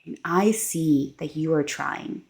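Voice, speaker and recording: Gentle reassuring voice of God, as a woman puts it on. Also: sits low, takes it slowly, creaky, full character voice. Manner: calm, tender, repeating reassurance.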